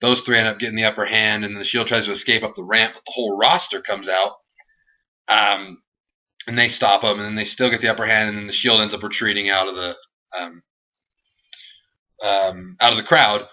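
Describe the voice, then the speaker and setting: A young man reviewing a wrestling show in a casual, animated, rambling and jokey way. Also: fairly low pitch, fairly quick. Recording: dull lo-fi home recording.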